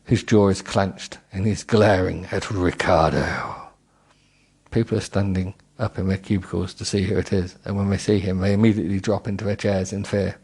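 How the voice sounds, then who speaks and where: A man's voice: low voice, steady tone, moderate pace, darkish tone, husky. A middle-aged man reading a book aloud with comic asides, giggling and stumbling over words.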